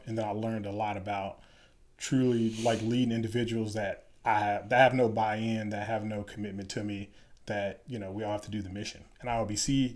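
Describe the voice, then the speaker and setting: A man in an interview, recounting his time as an Army officer in a relaxed, rambling way with many fillers. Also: lowish voice. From Chicago. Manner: relaxed, many fillers, acts out quoted dialogue. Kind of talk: casual storytelling.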